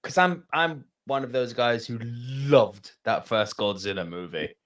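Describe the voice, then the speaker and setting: A man co-hosting a movie podcast in casual chat, animated and swearing freely. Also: medium pitch, measured pace. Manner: animated, swearing, bursts into loud laughter. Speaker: podcast co-host.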